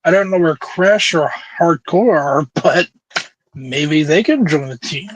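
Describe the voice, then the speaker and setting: A man co-hosts a casual review show in a notably high voice. He jokes around and cuts in with playful quips. A faint noise sits behind him. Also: animated, unhurried, highs cut off. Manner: joking, playful interruptions. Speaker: co-host.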